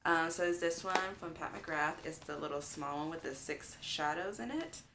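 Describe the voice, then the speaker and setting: A young woman with a low voice chats through a makeup tutorial in a gushing, filler-heavy way. She is recorded on a camera in front of her, with a faint hiss in the background. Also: normal speed. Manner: chatty and gushing, with many fillers like "um" and "like". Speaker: beauty vlogger. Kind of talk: casual makeup tutorial chat.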